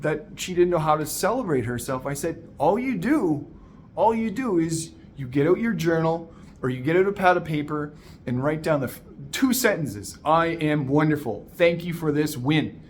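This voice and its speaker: A man coaching listeners in an energetic, emphatic motivational monologue, calling them "my man". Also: on the high side, moderate pace, a little hiss or hum.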